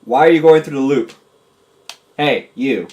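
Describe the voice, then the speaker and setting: A man giving casual, goofy commentary over a game, talking to and yelling at his virtual pets. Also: medium pitch, measured pace. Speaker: gameplay commentator.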